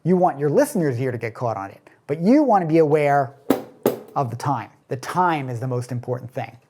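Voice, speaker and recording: A man's voice: medium pitch, a little fast, noisy background. A man teaching a drum lesson, explaining step by step in a casual way and counting beats aloud. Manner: relaxed, casual phrasing.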